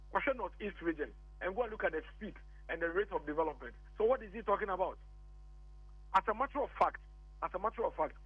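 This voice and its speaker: A Ghanaian man argues politics as a guest on a radio phone-in, insistent and repetitive, mixing English and Twi in a heated exchange. His high voice is slightly rough, carried over a tinny, dry phone line.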